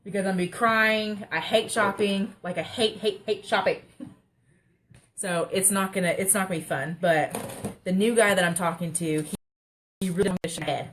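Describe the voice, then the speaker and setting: A woman's voice: fairly low pitch, fairly bright tone. A young woman, rambling and joking through a casual live craft chat. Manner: rambling, chatty, self-mocking humor. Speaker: craft livestream host. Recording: faint background noise.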